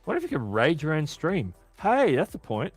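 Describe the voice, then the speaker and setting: A man's voice: a little high, wildly swooping pitch, moderate pace, husky, no echo, soft background music. Chatty Australian man hosting a livestream. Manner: chatty, self-correcting, answering chat questions. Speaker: livestream host. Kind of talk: casual live-stream Q&A.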